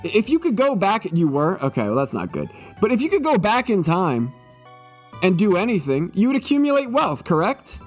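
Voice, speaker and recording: A young male streamer delivers a comedic live-stream monologue in a raised, lively, high-sitting voice that constantly swings up and down, at a normal speed. He jokes and swears through a mock-serious spiel, sounding a little tipsy, with faint music behind him.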